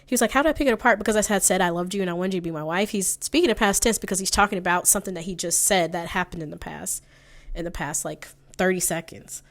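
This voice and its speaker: A woman's voice: lowish voice, steady tone, fast. A woman therapist giving conversational commentary on audio clips, quoting lines of dialogue and citing timestamps.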